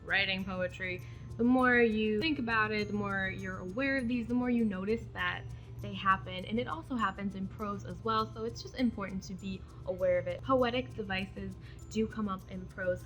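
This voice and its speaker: Give me a chatty young woman explaining poetry terms, with soft music underneath. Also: medium pitch, normal speed, highs cut off. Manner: chatty, explains terms then reads examples aloud. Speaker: poetry video host. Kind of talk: casual educational explainer.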